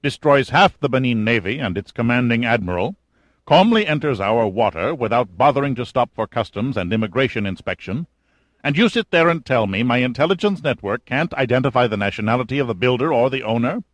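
A man playing a menacing general who speaks coldly and with command, in a lowish voice. The audiobook recording is dry and close. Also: animated, moderate pace, no echo. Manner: cold, irritable, commanding. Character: cold, menacing middle-aged male general.

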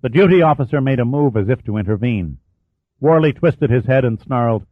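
A man narrating an adventure novel in a measured, dramatic storytelling manner. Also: medium pitch, expressive, dry recording. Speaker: audiobook narrator. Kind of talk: scripted narration. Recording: tinny phone-like sound, dry.

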